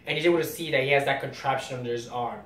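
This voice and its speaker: A man's voice: rapid-fire, fairly bright tone. Rambling man in an echoey room. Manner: rambling, explains as he goes. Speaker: comic reaction host. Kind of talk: casual comic reaction commentary. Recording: roomy distant mic, faint rumble.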